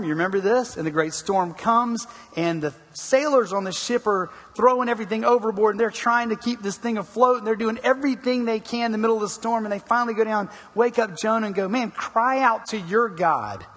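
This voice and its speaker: Preacher with a husky voice in a reverberant hall. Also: male voice, a little fast, hardly any pauses, a bit bright. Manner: storytelling, drops low on repeated words. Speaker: pastor. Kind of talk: sermon.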